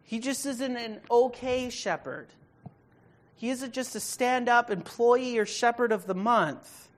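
A woman with a slightly high voice preaches at an unhurried pace, reading scripture and then explaining it. She emphasizes key words and shifts between loud emphasis and hushed tones.

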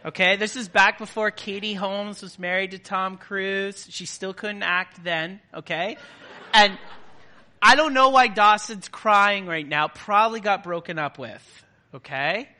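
A man with a high, strikingly bright voice delivers a sermon to a gathered congregation. He talks in a casual, conversational way and keeps checking in with his listeners. The tone stays sharp and forward throughout. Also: measured pace. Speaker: preacher. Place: before a live congregation.

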